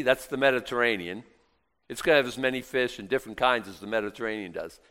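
Male preacher, mid-pitched, chatty Bible teaching with rhetorical questions and joking asides. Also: quick pace. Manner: reads scripture aloud, then comments in a joking conversational aside; asks the listeners rhetorical questions, with swings between loud and quiet.

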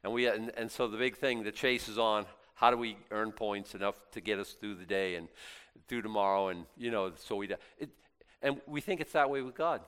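A male pastor delivering a loose, conversational sermon full of jokes. He jumps from loud, animated bursts to quiet, hushed asides, and keeps stumbling into quick stammered restarts. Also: lowish voice, clear, resonant tone. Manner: animated, joking, swings between loud and hushed.

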